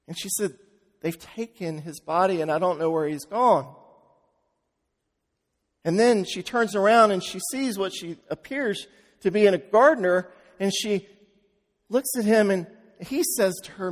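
A pastor preaching in a church sanctuary, his fairly high voice carrying a long reverb through the hall. He speaks slowly, letting phrases fall to near silence before rising again with force. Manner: slow, with hushed drops and swells to loud emphasis. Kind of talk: sermon.

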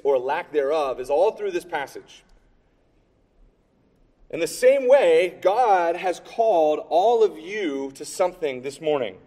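A man in his thirties, a pastor preaching a sermon in a relaxed, conversational storytelling way with fillers. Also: on the high side, in a large hall.

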